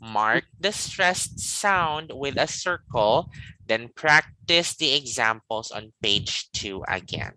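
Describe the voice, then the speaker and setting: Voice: mid-range voice, animated, slow pace, pushed and bright, dry recording, low-quality recording. An English teacher leading a live online lesson, patient and guiding, checking in often with "okay" and "all right.".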